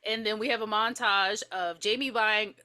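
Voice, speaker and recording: A woman co-hosting a podcast, animated and excitable, often cutting in during casual movie-review chat. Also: mid-range voice, moderate pace. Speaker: podcast co-host. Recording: audio podcast.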